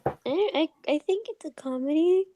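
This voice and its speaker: A woman with a high, childlike voice chatting haltingly on a stream, trailing off mid-sentence. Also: expressive, mellow, slight background noise. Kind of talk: casual group chat on a stream.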